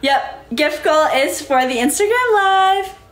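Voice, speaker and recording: A woman's voice: high voice, lively intonation, takes it slowly, fairly bright tone. A woman live-streaming in casual chat, reading out viewer comments and thanking them by name in a breezy, upbeat way. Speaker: livestreamer. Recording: echoey room.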